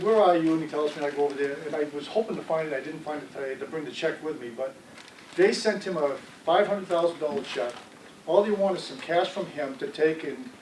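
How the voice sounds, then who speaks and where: A man's voice: fairly high pitch, a little mellow, a little hiss or hum. A man giving a conversational community talk on scams, often checking with the audience. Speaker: fraud prevention speaker. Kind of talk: community presentation. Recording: echoey room, speaker far from mic.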